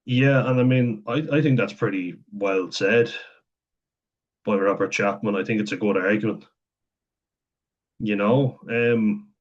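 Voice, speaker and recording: A man's voice: on the low side, measured pace, pauses often, lo-fi sound. A man vlogging in a rambling, candid way, swearing casually and laughing often as he reads and comments. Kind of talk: casual talk to camera, reading and commenting.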